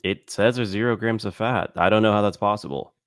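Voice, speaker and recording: Low-voiced casual male podcast co-host. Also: dry recording, studio quality. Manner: reads ingredient lists aloud, halting with fillers. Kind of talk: casual chat.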